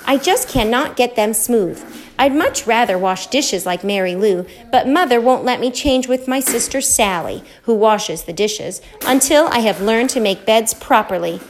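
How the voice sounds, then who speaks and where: A woman's voice: fairly high pitch, animated, normal speed. A woman voicing a young girl who complains emphatically about chores. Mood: whiny.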